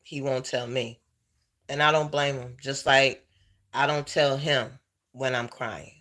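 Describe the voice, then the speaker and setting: A man in a heartfelt personal chat with his viewers, tearful, halting and emotional. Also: mid-range voice, steady tone, sharp tone. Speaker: vlogger.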